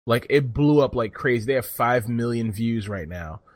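A man's voice: mid-range voice, normal speed, dry recording, studio quality. A man telling a story in casual chat, rambling and cursing freely as he goes. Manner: profane, rambling, animated storytelling.

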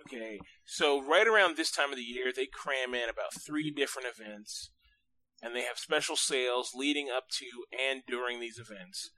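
A man co-hosting a podcast, telling stories in an animated way and laughing often. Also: medium pitch, moderate pace, low-quality recording. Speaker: podcast co-host. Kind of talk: casual podcast chat.

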